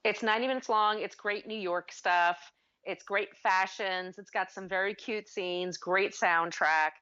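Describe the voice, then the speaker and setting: A woman's voice: medium pitch, a little slow, smooth. A woman in her forties, co-hosting a podcast in casual chat, telling stories with swearing and rising indignation. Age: 40s. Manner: animated storyteller, swears freely when ranting. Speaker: podcast co-host. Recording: dull lo-fi sound.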